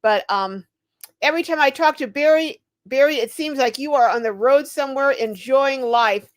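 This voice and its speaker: A woman's voice: sits high, normal speed, no echo. An older woman hosting a casual livestream, out of breath, bubbly and exclaiming as she greets viewers. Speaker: livestream host.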